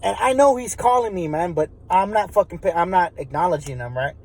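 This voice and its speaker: A man's voice: high-pitched, animated, brisk, darkish tone, low-quality recording. Profane man telling a story. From Texas. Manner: profane, rambling, many restarts. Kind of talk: casual spoken storytelling.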